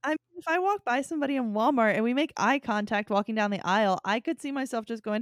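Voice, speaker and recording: Young woman gabbing away, lil high pitched, dead dry mic. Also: quick pace, few pauses, dry recording. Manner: chatty storyteller, bright quoted voices. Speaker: podcast co-host. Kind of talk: casual chat.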